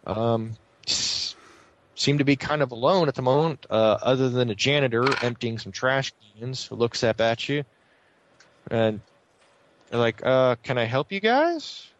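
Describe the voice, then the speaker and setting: A man narrating as game master of a tabletop game over a voice call, relaxed and filler-heavy. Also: medium pitch, a little slow, dry recording. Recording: slightly muffled online call audio.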